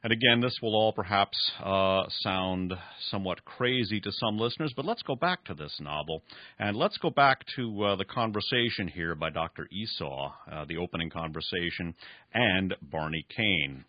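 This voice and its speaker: A man's voice: deep voice, lively intonation, normal speed, no room sound. A man hosting a radio talk program, reading and commenting at length, with frequent fillers. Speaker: radio host. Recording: dull lo-fi radio recording.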